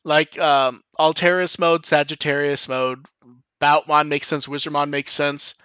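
A man hosts a podcast in relaxed, rambling chat, peppering his sentences with fillers and restarts. His voice sits a little high and sounds bright and tense. The recording is dry and close, with no room sound. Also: a little slow, smooth, no room sound. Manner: rambling, frequent 'like' and restarts, swears casually. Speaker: podcast host. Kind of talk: casual chat.

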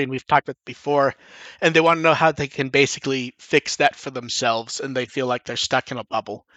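A man's voice: fairly high pitch, a bit bright, no echo. A man co-hosting a casual podcast, reading out listener questions and answering them in a rambling, self-correcting way.

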